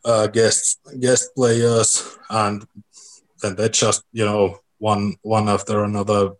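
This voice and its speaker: Hesitant man, low-ish voice, slow monotone delivery, casual interview answers. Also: poor audio. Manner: hesitant, many ums, plain-spoken. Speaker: musician guest.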